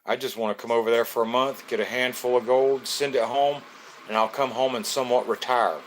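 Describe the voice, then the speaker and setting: A man's voice: medium pitch, steady tone, brisk, slight background noise. A man, from Florida, hosting a casual live stream, greeting viewers by name in a loose, joking way.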